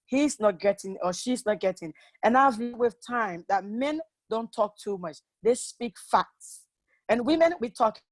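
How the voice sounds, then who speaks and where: A higher-voiced woman giving a personal testimony at a seminar. She tells candid stories and acts out what others said to her, and the close mic sounds dry. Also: no echo. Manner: candid storytelling, acts out quoted lines. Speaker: seminar speaker.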